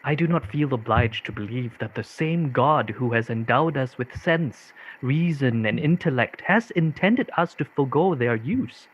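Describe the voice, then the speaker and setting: A man reading quotations aloud in a measured, expressive way, at a video-call event. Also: medium pitch. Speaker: reader of quotations. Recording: dull muffled video-call audio.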